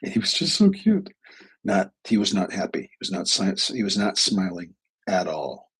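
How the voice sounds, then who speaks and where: A middle-aged man talks in a casual, rambling way, hosting his own live stream as a psychologist. His voice sits low and sounds rough and raspy. He keeps restarting sentences and quoting back and forth as he tells a story. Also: wildly swooping pitch, moderate pace, a bit bright, low-quality recording. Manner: rambling, with restarts and quoted dialogue. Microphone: webcam or desk mic on a live stream.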